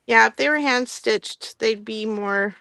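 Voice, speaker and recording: A woman's voice: on the high side, a little slow, gravelly, pushed and bright, no echo. A woman hosting a live online sale, chatting casually about vintage items and laughing often between filler words.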